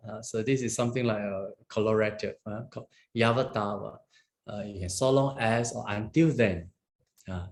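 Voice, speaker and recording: Man, monastic teacher, Pali grammar lesson, patient explaining, frequent "huh?", slow careful chanting. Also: medium pitch. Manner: explains patiently, often asks "huh?" and "okay?".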